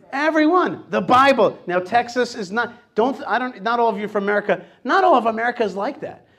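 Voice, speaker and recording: A middle-aged man hosting a talk show, telling stories in a lively, animated way and acting out what people said to him. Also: high voice. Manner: animated storytelling, acts out quotes. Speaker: host. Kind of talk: casual radio talk.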